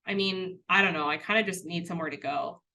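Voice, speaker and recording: A woman voicing a dejected person who was just kicked out of their home, speaking in a flat, downcast way. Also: fairly low pitch, fast talker, a little hiss or hum.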